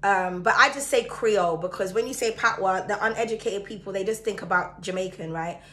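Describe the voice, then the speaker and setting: Caribbean lady doing a tarot reading, bright tense voice, chatty and emphatic, talks right at you. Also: medium pitch, a little fast. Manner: chatty, emphatic, addresses viewer directly. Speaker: tarot reader.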